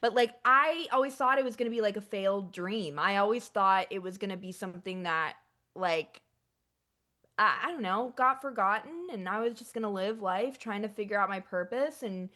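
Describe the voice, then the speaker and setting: A young woman talking as a guest musician in a casual interview, chatty and full of filler words, emotional and effusive. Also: moderate pace. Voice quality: chatty, lots of filler likes. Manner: effusive and emotional, pitch jumps up when excited.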